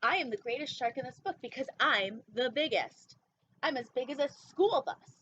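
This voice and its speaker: Woman doing bragging giant whale shark, storybook, high voice, dull lo-fi sound. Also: animated, normal speed, fairly bright tone, slight background noise. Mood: boastful. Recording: dull lo-fi recording.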